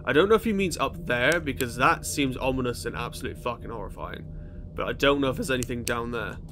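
A man's voice: medium pitch, expressive, fast talker, fairly bright tone. A man giving chatty gaming commentary, swearing and thinking aloud while playing a police officer. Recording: gameplay with vehicle noise.

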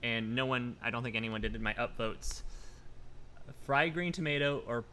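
Bright-voiced man, halting live chat. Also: mid-range voice, a little hiss or hum. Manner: chatty, halting, restarts and laughs. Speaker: brewery live stream co-host. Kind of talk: casual live stream chat.

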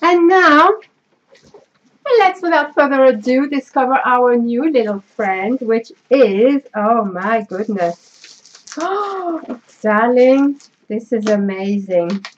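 A woman's voice: on the high side, takes it slowly, dull audio. A woman with a French accent chatting in a vlog, effusive and sentimental as she opens gifts and gushes her thanks. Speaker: craft vlogger. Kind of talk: casual unboxing chat.

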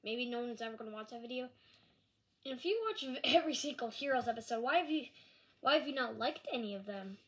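A woman talking casually to camera in a rambling, halting apology vlog. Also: fairly high pitch. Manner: rambling, halting, with frequent restarts. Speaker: vlogger. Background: dog nearby.

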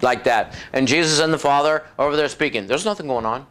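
A man preaching a sermon in a folksy, conversational way, acting out other people's voices and dropping low and soft for effect. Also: fast talker. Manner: acts out voices of demons and doubters, drops low and soft for effect.

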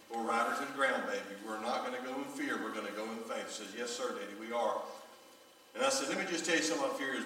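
A pastor preaching a sermon, telling a personal story with emotion, his voice often dropping low and soft. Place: large church sanctuary. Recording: echoey church hall recorded from far off.

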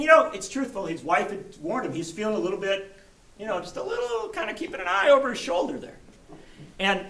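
A man giving a speech to a gathering, telling a story in a folksy, animated way that drops low for suspense and rises into rousing calls. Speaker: rally speaker. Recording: echoey room, voice heard from a distance.

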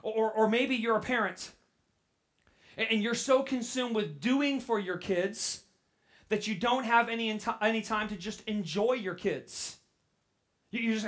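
A woman pastor preaching a sermon, animated and quick to repeat herself, then dropping into a soft, reflective tone. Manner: animated, repeats words when excited; drops to a soft, low reflective tone.

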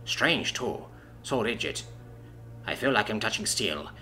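A man's voice: fairly low pitch, very animated, pushed and bright, full character voice. A man voicing a cool, menacing dragon queen. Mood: cool menace. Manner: measured, silky and threatening. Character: imperious female dragon ruler, cool and menacing. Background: faint background music.

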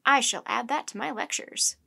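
A woman's voice: a little high, moderate pace, gravelly, bright, forceful tone, slightly rough, full character voice. A woman voicing an earnest, pompous older male professor who talks in a formal, lecturing way.

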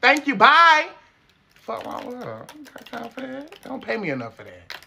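A man's voice: wildly swooping pitch, normal speed, creaky, sharp tone, a little hiss or hum, heavily acted. A man voicing a stern, no-nonsense woman teacher running in-school suspension, scolding students in a sassy tone. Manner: scolding, sassy, low-key.

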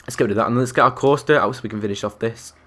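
Young guy live streaming a game, chatty, counts blocks out loud, talks to chat. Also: mid-range voice, racing. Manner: chatty, counts aloud, reacts to chat and other players. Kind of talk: live gameplay commentary.

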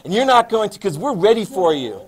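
A man's voice: sits high, sing-song, fairly quick, husky, full character voice. A man voicing a cocky soldier who taunts the enemy from his line. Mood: taunting. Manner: boastful, taunting.

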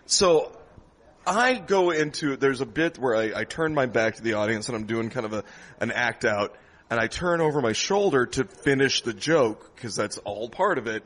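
A man, a stand-up comedian, telling a lively after-show story in a comedy club, laughing often and acting out the people in it. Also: mid-range voice, moderate pace. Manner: animated storyteller, laughs often, acts out voices.

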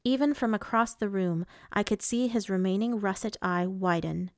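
A woman narrating a novel in the first person with a measured, even storytelling manner. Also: medium pitch, no room sound, studio quality. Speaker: audiobook reader.

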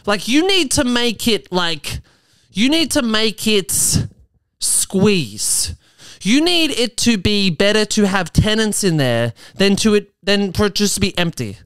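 Speaking at a normal speed with few pauses, a man with a high, clear, resonant voice reads articles aloud for his podcast and riffs on them jokily. He's animated and breaks into mock voices, recorded in an apartment without room sound.

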